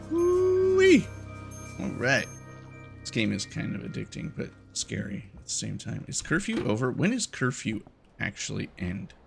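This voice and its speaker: A man's voice: mid-range voice, vocal fry, a bit bright. A young man giving casual, jokey and nervous commentary while playing a game, talking to its characters. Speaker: gaming YouTuber.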